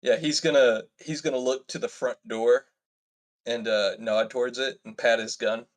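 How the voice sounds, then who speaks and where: A man's voice: mid-range voice, steady tone, moderate pace. A man playing a tabletop game, giving short, easygoing replies and describing his character's moves. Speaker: player. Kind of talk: casual tabletop game play.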